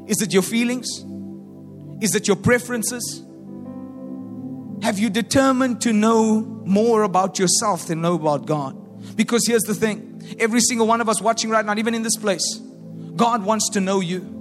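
A male preacher delivering an energetic call-and-response sermon to a congregation at a live-streamed service. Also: high voice, moderate pace, long pauses. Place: large church hall during a live-streamed service. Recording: long hall reverb with faint music behind.

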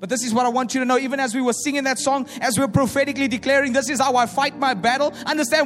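Very fast with few pauses, a male preacher with a high voice delivers a sermon that booms through a large reverberant hall over faint music. With animated energy, he mimics doubters and swings between loud statements and hushed asides.

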